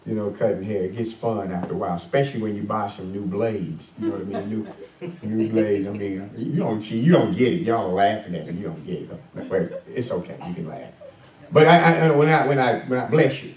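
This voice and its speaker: A man's voice: fairly low pitch, fairly quick, a crowd in the background. A male pastor preaching a conversational sermon, full of fillers and questions to the congregation. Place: church sanctuary. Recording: echoey church room, mic at a distance.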